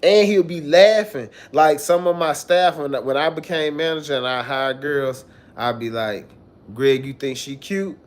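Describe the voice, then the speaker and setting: A young man spins a long story for his live chat, animated and full of slang and swearing. His voice sits a little high, and he acts out every quoted line. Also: moderate pace. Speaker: livestream host.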